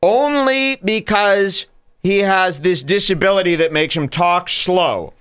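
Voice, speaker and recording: Guy podcast host trashing clips, crude and rambling, smooth clean voice. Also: high-pitched, measured pace, fairly bright tone. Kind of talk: casual commentary over clips.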